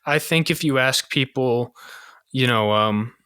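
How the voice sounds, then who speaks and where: A man in his thirties from the United States, a podcast host telling profane, animated anecdotes in casual chat. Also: mid-range voice, a little slow, clean tone, no echo.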